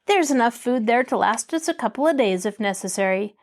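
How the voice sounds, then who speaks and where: A woman's voice: fairly high pitch, animated, brisk. Woman reading a cold, cruel girl kidnapper. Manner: cold, clipped.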